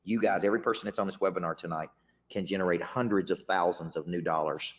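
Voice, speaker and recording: A man's voice: sits low, fairly even intonation, fast talker. Emphatic male coach, muffled reverberant audio. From Tennessee. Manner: emphatic, repeats words when restarting. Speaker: business coach hosting a webinar. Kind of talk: motivational webinar talk.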